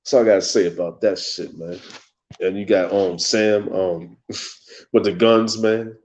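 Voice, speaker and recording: A man's voice: lowish voice, fairly even intonation, a little slow, a little mellow, muffled recording. A young man hosting his own show, chatting loosely and rambling in slangy talk with lots of swearing and frequent laughs. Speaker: show host. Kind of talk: casual solo talk.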